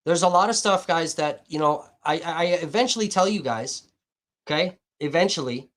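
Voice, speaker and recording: A man's voice: a little high, moderate pace, a bit bright. A man livestreaming, rambling casually and profanely to his chat viewers, saying he feels hot and dehydrated.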